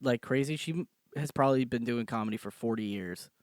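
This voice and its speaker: A young man co-hosting a podcast, joking and laughing often in relaxed casual banter. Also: mid-range voice, fairly quick, no room sound, studio quality. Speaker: podcast co-host, regular comedian. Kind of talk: casual chat.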